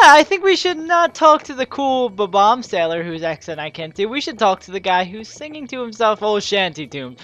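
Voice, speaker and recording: A woman's voice: mid-range voice, big pitch swings, normal speed, few pauses, a bit bright, muffled recording. A woman hosting a let's play, chatting casually and joking about her own reading and voices. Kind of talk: casual game commentary.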